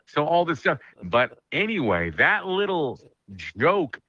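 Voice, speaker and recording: A man hosting a radio chat, telling jokey stories in an animated way. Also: on the high side, lo-fi sound. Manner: animated, jokey, quick asides. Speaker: radio host. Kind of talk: casual storytelling chat.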